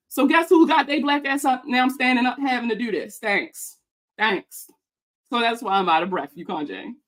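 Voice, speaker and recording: The finance creator's voice is fairly high and very animated as she reacts to a video made about her. She talks fast, swears, and heaps on heated sarcasm and mockery.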